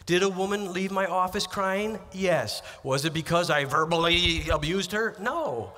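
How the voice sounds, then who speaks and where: Bright-voiced emphatic man preaching. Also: sits high, measured pace, hardly any pauses. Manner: emphatic preaching with rising and dropping delivery. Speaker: pastor. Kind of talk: sermon.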